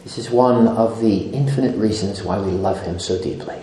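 A man preaching a sermon, slow and deliberate, falling to a near hush on key phrases. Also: fairly low pitch, very echoey, a little hiss or hum, rough recording. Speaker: pastor.

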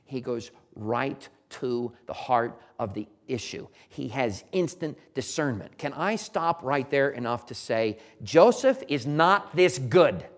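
A preacher delivering an expository sermon, swinging between loud emphatic bursts and hushed low asides, often repeating words and restarting phrases. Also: lively intonation, takes it slowly, hardly any pauses.

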